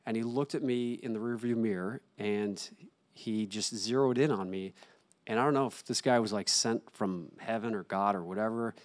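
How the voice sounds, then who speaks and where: Earnest low-voiced man telling his story. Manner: earnest, halting, with restarts and fillers. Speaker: interview guest, actor and author. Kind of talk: candid personal storytelling.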